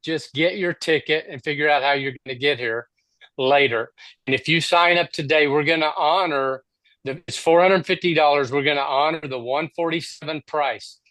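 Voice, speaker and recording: Man, energetic sales pitch, slightly high voice, dry close sound, video call. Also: moderate pace, dry recording, low-quality recording. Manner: punchy, repetitive, salesy. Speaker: co-host of training webinar.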